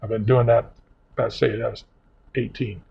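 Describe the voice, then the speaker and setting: An older man telling a long, meandering personal story in casual vlog talk, halting often with fillers. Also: mid-range voice, fairly even intonation, creaky, slightly rough, lo-fi sound. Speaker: vlog host.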